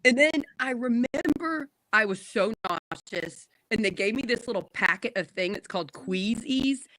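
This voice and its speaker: A bright-toned woman in her thirties tells an embarrassing story in a relaxed chat. She is animated and laughs easily, and her voice sounds close and dry. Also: fairly high pitch, normal speed, no echo, poor audio. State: recovering from surgery. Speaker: podcast co-host.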